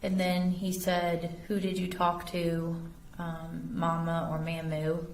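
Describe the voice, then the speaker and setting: A woman with a deep, low voice gives courtroom testimony, reading messages aloud in a steady, factual manner. She is picked up from a distance, and the courtroom around her echoes with faint background hum. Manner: reads text messages aloud in a measured, factual way. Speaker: investigator testifying as a witness. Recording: roomy courtroom audio from a distance.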